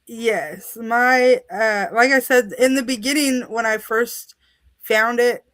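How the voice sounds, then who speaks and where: A woman's voice: fairly high pitch, takes it slowly, dry recording. Oklahoman woman guest, dry close sound. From Oklahoma, USA. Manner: relaxed, hesitant, with fillers and laughs. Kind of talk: casual interview answers.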